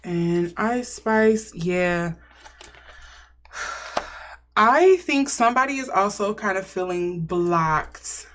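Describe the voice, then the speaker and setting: A woman at a middle pitch talks through a tarot spread in a relaxed, chatty way. She muses and thinks aloud, wondering and speculating as she goes. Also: very slow, long pauses, slight background noise. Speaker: tarot reader. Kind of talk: casual intuitive tarot reading.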